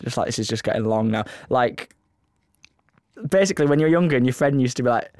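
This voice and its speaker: A man's voice: mid-range voice, fast, a little mellow, no echo, clean studio sound. A man with a Northern English accent co-hosting a podcast, jokey and rambling in casual chat. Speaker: podcast co-host.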